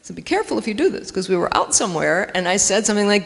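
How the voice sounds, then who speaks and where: A woman's voice: medium pitch, lively intonation, rapid-fire, gravelly, few pauses. A woman doing a chatty, self-mocking stand-up set in a church hall, acting out dialogue in funny voices. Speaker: stand-up comedian. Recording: live in a reverberant hall.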